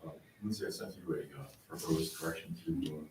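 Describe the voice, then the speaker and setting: A man's voice: extremely low pitch, fast, noisy background. A man at a town board meeting who politely and hesitantly raises a point of order. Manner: hesitant, polite, lots of ums. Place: town hall meeting room.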